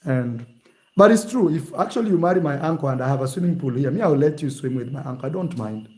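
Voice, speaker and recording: A man chats straight to camera in a loose, teasing vlog style. His voice sits a bit high for a man and stays animated as he jokes with his viewers. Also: fast talker. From Kenya. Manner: animated, teasing, shifts to mock accents. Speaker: vlogger. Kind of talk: casual vlog talk.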